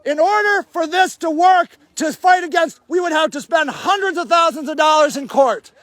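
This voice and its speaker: Brief: high-voiced angry man, dry close phone mic, yelling accusations at officials. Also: moderate pace, dry recording. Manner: shouting, furious, accusatory. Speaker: homeless advocate livestreaming. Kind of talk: angry confrontational livestream. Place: outdoor homeless camp in snow.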